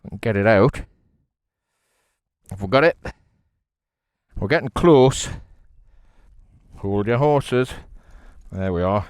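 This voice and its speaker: A man with a North East English accent talking casually to the camera from a sea kayak while he fishes, chatty and excitable, laughing often and talking to the fish. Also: lowish voice, takes it slowly, long pauses, clear, resonant tone, no echo. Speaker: kayak angler.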